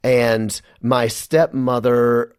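A man's voice: mid-range voice, flat delivery, very slow, clear, resonant tone, no echo. Man guest, earnest testimony, dry close studio mic. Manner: earnest, emotional storytelling. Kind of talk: personal testimony in a radio interview.

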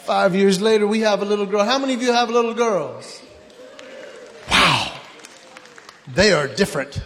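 High-voiced man doing stand-up comedy. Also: normal speed, in a large hall, a faint crowd, slight background noise. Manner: animated storyteller acting out his kids and himself. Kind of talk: stand-up comedy for a live audience.

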